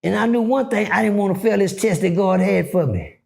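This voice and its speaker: A middle-aged man telling a story casually, profane and animated, acting out the dialogue. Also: sits high, fairly quick, vocal fry. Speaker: guest storyteller.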